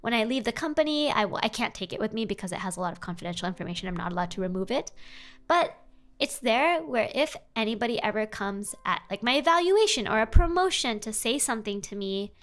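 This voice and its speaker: A young adult woman streaming casual advice chat, animated and playful, jumping up in pitch for emphasis. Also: fast talker. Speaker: vtuber streamer giving advice.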